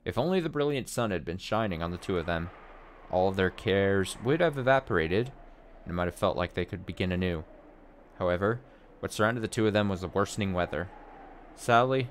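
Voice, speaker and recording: Male let's-play streamer, lowish voice, reads and reacts, faint hiss. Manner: reads narration, then breaks off to react and joke. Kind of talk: reading a game aloud with commentary.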